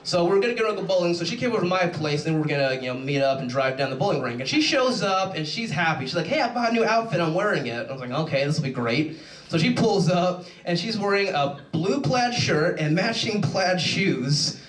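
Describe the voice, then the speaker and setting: A young adult man doing a rambling, animated stand-up comedy set on a stage. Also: high-pitched, brisk, few pauses. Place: show stage in a large room. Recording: echoey room, mic from far off.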